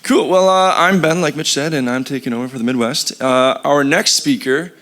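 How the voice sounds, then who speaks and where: A man's voice: on the high side, normal speed, a bit bright, a little hiss or hum. A man casually introducing speakers, loose and playful.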